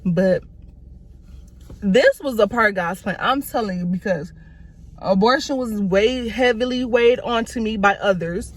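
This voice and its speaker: A young woman vlogging from inside a car, telling a story to her viewers in a blunt, animated, profane way. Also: medium pitch, a little slow. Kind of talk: casual talk to camera.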